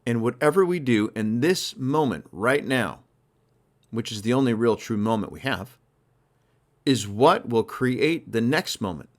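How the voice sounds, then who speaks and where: A man hosting a motivational sales podcast, talking in an emphatic, energetic, conversational way. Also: mid-range voice, a little slow. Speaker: sales coach and podcast host.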